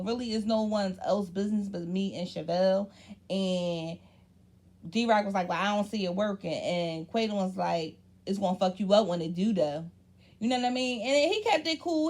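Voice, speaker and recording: Profane, animated woman recapping reality TV. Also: a little high. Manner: blunt, profane, animated storytelling. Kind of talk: casual recap chat.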